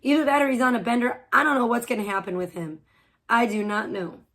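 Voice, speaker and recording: A woman's voice: on the high side, lively intonation, quick pace, a bit bright. A woman live streamer ranting crudely, hurling insults and rambling on. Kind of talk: profane livestream rant.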